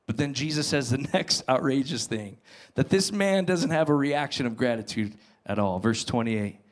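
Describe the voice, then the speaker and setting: A male pastor preaching to his congregation, retelling a parable with dramatic emphasis and quiet asides. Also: medium pitch, animated, normal speed. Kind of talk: sermon.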